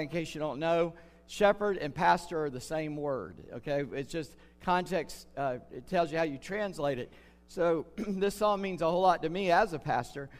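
An older pastor preaches in a hall with long reverb, his voice sitting a little high for a man. He speaks earnestly and slows down to lean on the words that matter. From United States. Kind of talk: sermon.

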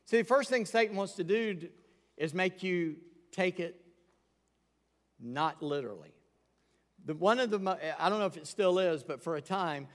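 A man preaching a sermon from the pulpit, candid and emphatic. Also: on the high side. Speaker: pastor. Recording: long hall reverb.

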